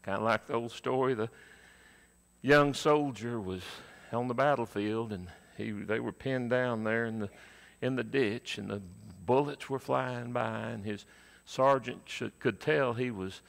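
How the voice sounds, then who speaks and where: Slow, gravelly-voiced preacher man. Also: medium pitch. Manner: emphatic, leans hard on repeated key words. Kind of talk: sermon. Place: church.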